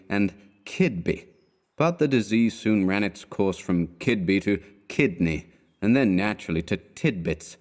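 A man reading a classic short story aloud as an audiobook narrator, in a measured, deliberate storytelling manner. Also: deep voice, a little mellow.

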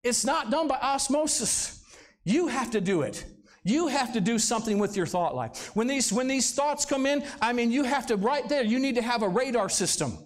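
A man's voice: very high voice, expressive, normal speed. A male pastor preaching a sermon in a church service, talking conversationally and throwing rhetorical questions at the congregation. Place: church sanctuary, live service.

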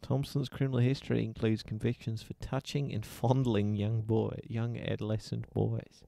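A man's voice: on the low side, flat delivery, moderate pace, creaky, dark tone, dry recording. A man streaming prank calls, bantering crudely and joking as he goes. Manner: crude, joking, laughs at own lines. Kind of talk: casual live-stream banter.

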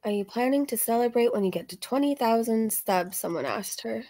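A woman's voice: on the high side, expressive, a little fast, mellow. A woman hosting a reaction channel, chatty and sarcastic, laughing often, her voice a little strained. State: voice slightly strained from screaming. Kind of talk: casual reaction commentary.

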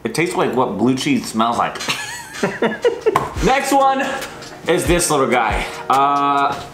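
Loud, laughing young man, swinging pitch. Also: wildly swooping pitch, measured pace, background noise. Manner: rowdy, swears a lot, laughs often, loud outbursts. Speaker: co-host. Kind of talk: casual vlog chat while taste-testing. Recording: roomy sound with music underneath.

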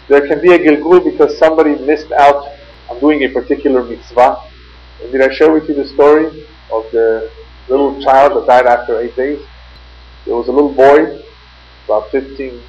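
A man, a rabbi, giving a religious lecture in a measured, phrase-by-phrase storytelling manner. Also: mid-range voice, darkish tone. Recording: muffled lo-fi tape with faint mains hum.

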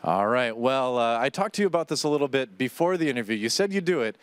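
A man's voice: mid-range voice, animated, quick pace, clear, resonant tone, dry recording. A man conducting a casual, upbeat post-match interview with a player.

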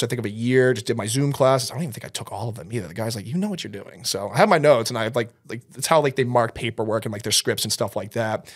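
A young man speaking at a rapid clip as a podcast guest. He tells stories in a loose, animated way, with plenty of fillers. His pitch sits in an ordinary middle range. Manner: fast-talking, animated storyteller with fillers. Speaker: podcast guest, band vocalist. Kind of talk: casual conversational interview.

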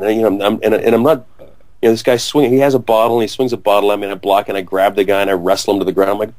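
A middle-aged man with a fairly low voice tells a rowdy anecdote in an interview. He is excitable and acts out what people said, and his voice is recorded close and dry. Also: very fast, dry recording. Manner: excitable storyteller, acts out quotes loudly, laughs a lot. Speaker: actor interviewee. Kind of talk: animated anecdote telling.

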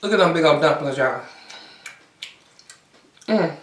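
In a low, expressive voice that runs a little slow, a woman hosts a casual mukbang vlog and chats with her viewers. The room is echoey and she's far from the mic.

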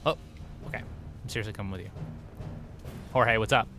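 A man giving goofy, excitable let's play commentary, trash-talking the game as he plays. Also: fairly low pitch, fairly quick, gravelly, music in the background. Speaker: gaming host. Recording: noisy game-audio mix. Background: game sound effects and vehicles.

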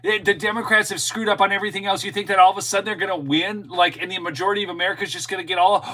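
A middle-aged man with a fairly high, bright and forceful voice hosts an opinionated commentary monologue. He is emphatic and keeps talking straight to his viewers. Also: fairly even intonation, racing, few pauses, low-quality recording. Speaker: show host and political commentator.

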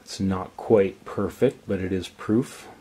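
A man's voice: low voice, slow pace, breathy edge. A man hosting a casual coin collecting vlog, chatty and enthusiastic as he shows his pieces. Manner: relaxed, chatty, enthusiastic about coins. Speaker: coin collecting channel host. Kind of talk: casual show-and-tell vlog.

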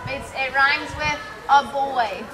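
A high-pitched woman plays a pirate entertainer for a crowd of preschoolers, sing-song and coaxing, calling everyone "mates". Her voice rings out over loud children and heavy noise outdoors, in a roomy, echoey home-video recording. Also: slow pace. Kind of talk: performing for a preschool group. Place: outdoors at a field-trip venue. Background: loud crowd of small children.

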